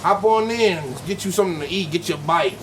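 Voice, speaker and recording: A man voicing a creepy, leering older male driver in a joking podcast story, with a low, slow drawl. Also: background noise, lightly acted.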